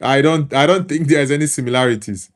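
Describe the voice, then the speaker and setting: A Nigerian man with an Igbo background hosting a relaxed football talk show, reading out chat comments and answering them in an easygoing way. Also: on the high side, a little fast. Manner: easygoing, repeats words while thinking. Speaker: host reading live chat.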